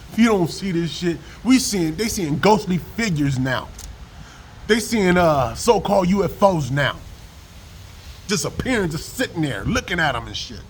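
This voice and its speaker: Profane man preaching in a high, lively voice. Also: slight background noise, poor audio. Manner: profane, preachy and rambling, with slang. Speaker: vlogger preaching on scripture. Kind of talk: casual religious rant with scripture reading.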